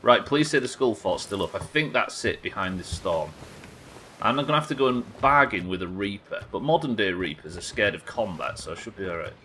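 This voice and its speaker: A man's voice: lowish voice, expressive, brisk, bright, forceful tone, a little hiss or hum. A young man streaming a pirate game live, chatting with viewers and swearing casually. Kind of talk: live game commentary reading chat.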